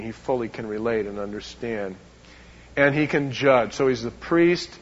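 A man's voice: mid-range voice, slight background noise. Emphatic preaching man, muffled recording. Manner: emphatic, shifts between loud and hushed; repeats words as he talks. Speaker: pastor. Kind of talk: sermon.

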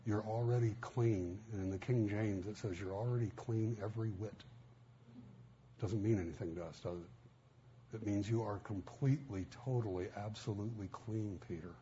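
Low, mellow-voiced man preaching. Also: moderate pace. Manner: folksy storytelling, acts out quotes. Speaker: pastor. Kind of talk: sermon. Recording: muffled, faint background hiss.

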